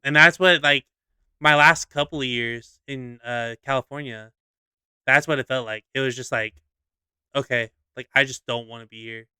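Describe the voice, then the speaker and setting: A young man chatting casually on a podcast, animated and quick to slip into voices when retelling a skit. His voice is bright and crisp. The recording is dry and close. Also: mid-range voice, dry recording. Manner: animated storyteller, acts out skits with voices. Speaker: podcast co-host. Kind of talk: casual chat.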